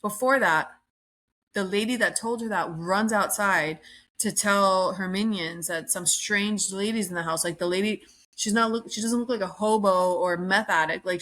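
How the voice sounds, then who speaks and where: A woman's voice: medium pitch, sharp tone. A woman hosting a podcast, retelling a story in casual, rambling chat with lots of "like" and acted-out quotes. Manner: chatty, rambling, heavy use of "like", acts out quoted lines. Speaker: podcast host.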